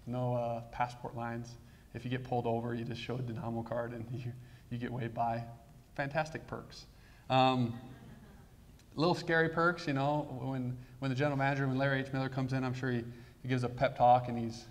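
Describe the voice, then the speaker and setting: A man in his thirties giving a talk, telling a personal story with halting restarts and quiet asides. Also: mid-range voice. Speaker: guest speaker.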